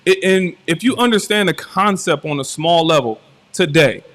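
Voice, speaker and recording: A man's voice: on the high side, moderate pace, fairly bright tone. A man who owns a cafe, telling a story with emphatic, preachy delivery in a live-stream conversation. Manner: storytelling, preachy, rising and emphatic when making a point. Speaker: cafe owner and motivational speaker.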